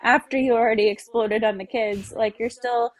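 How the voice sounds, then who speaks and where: A woman's voice: a little high, normal speed. A pregnant woman co-hosting a podcast, talking casually and laughing often. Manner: relaxed, laughs often, talks about parenting with her kids. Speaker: podcast co-host. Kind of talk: casual chat.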